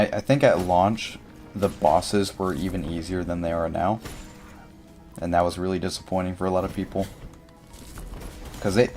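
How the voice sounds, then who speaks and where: A young man talks through his gameplay in a loose, rambling way, leaning on filler words as he thinks aloud. His voice sits very low. Faint game music plays quietly behind him. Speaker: livestreamer. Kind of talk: casual gameplay commentary.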